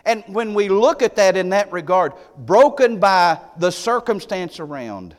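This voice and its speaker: A man preaching a sermon, moving between loud, emphatic declarations and hushed, quiet passages. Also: sits high, sing-song, measured pace, hardly any pauses. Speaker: pastor. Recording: long hall reverb.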